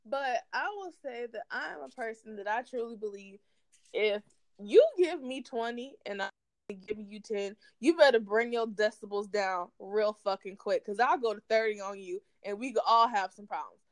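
A woman's voice: mid-range voice, moderate pace, no room sound. A woman co-hosting a podcast, chatting casually and animatedly about celebrity gossip, swearing freely and laughing often. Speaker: podcast co-host.

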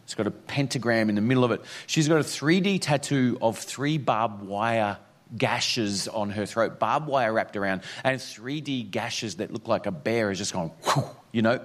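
A man's voice: on the low side, moderate pace. Chatty Australian man preaching. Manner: chatty, joking, many fillers. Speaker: pastor. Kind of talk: sermon with storytelling.

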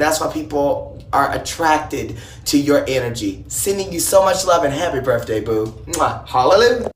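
A man from Texas, a drag performer, recording a flamboyant, sassy birthday video message with bursts of shouting and singing. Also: on the high side, expressive, moderate pace, slight background noise. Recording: roomy, distant phone video played back.

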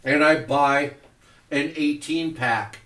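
Animated profane man telling a story. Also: fairly high pitch, takes it slowly, reverberant, far from the mic. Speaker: podcast host. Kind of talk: casual storytelling over drinks. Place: podcast studio.

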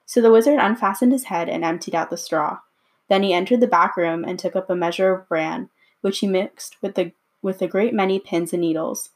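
Woman, storybook reader, measured reading, lowish voice. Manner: measured, unhurried reading with small slips. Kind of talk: reading a storybook chapter aloud.

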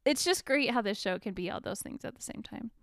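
A woman chatting casually about a TV show, animated and full of fillers. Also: a little high, a little fast, no room sound, studio quality. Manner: animated, lots of fillers and laughs.

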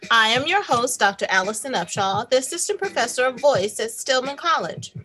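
A woman host reading a picture book aloud to young children, animated and teacherly. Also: a little high, brisk. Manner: animated, warm teacherly storytelling.

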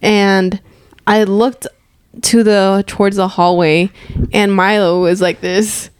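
A woman's voice: medium pitch, slow pace, smooth, no echo, clean studio sound. A young woman co-hosting a podcast, telling stories in casual chat with lots of giggling and Spanish phrases mixed in. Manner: giggly, animated storytelling, mixes Spanish phrases. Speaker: podcast co-host.

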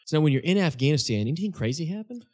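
A man hosting a casual interview, asking quick follow-up questions. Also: on the high side, very animated, a little mellow. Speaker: podcast host.

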